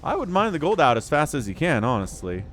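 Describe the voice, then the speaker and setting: A man casting a strategy game match, jokey and excitable, reading viewers' chat aloud as he goes. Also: fairly high pitch, fast, slight background noise. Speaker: game caster. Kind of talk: lively esports commentary.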